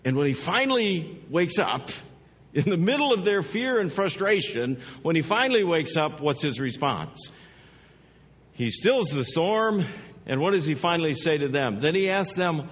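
A man preaches a sermon with a fairly high voice. His dynamic delivery drops to hushed, drawn-out words and climbs to emphatic peaks. The sound carries a long reverb from a church sanctuary. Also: very animated, slightly rough. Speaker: pastor.

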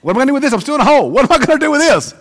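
A man voicing a desperate man stuck in a hole, crying out for help in high, loud pleas. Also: sing-song, very fast, in a large hall, exaggerated voice. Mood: pleading, desperate. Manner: high, loud, pleading cries.

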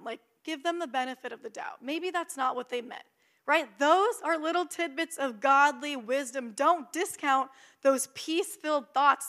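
Bright, high-voiced woman preaching. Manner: conversational, animated, acts out her inner thoughts. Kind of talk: sermon.

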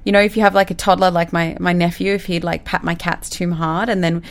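Woman, business coach, lowish voice, direct, animated casual advice talk. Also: brisk. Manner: direct and animated, acts out quoted lines. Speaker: business coach and recruitment firm owner.

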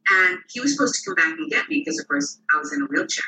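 Rapid-fire and mid-range in voice, an interview guest races through personal stories, lively and performing the quoted voices. Slight background noise is present, and the recording feels roomy and distant.

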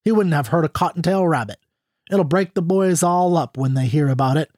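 Young cowboy, smooth-talking and sly, read by a man; earnest and gently mournful, slightly raised voice. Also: fairly high pitch, fairly quick, dry recording, studio quality, close to an everyday voice. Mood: earnest, sorrowful.

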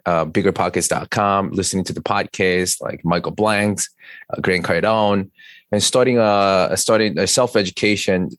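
A man's voice: sits low, dry recording. A man with a Korean accent, a native Korean speaker, talking earnestly and plainly as a podcast guest. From South Korea. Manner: earnest, plain-spoken, with repeated restarts. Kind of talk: conversational interview.

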